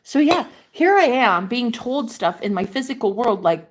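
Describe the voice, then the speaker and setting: A woman's voice: on the high side, sing-song, moderate pace, hardly any pauses. Profane, emphatic woman vlogging. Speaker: manifestation coach. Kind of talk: casual vlog monologue.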